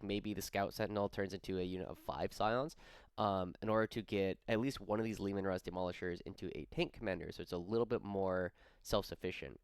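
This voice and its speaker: A man's voice: lowish voice, clear, resonant tone, no echo. A young man hosting a hobby gaming channel, rambling casually with lots of fillers and self-corrections. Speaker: wargaming channel host.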